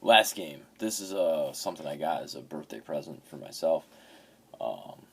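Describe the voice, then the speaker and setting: With an extremely low, sing-song voice marked by vocal fry and a breathy edge, a man in his fifties speaks at a moderate pace. He's a game collector casually going over his video game finds in profane, rambling stories.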